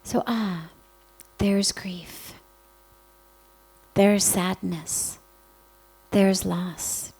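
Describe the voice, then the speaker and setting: A woman spiritual teacher giving a calm, reflective spiritual talk, speaking gently with many pauses. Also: mid-range voice, slightly rough, rough recording.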